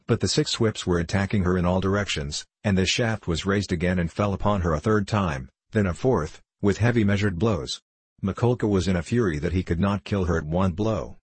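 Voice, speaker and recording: A man narrating a classic novel in a measured, steady storytelling voice. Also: deep voice, breathy edge, no echo. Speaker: audiobook narrator.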